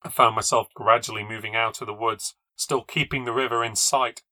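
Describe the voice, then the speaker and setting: Man reading a ghost story, bright and dry. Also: steady tone, dry recording. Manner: measured, low-key storytelling that rises when tense. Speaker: podcast storyteller. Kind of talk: scripted first-person ghost story narration.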